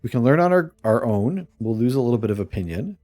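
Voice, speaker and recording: A man's voice: mid-range voice, animated, fast talker, dark tone, no echo, studio quality. A man streaming a strategy game, giving chuckling, playfully scheming let's play commentary.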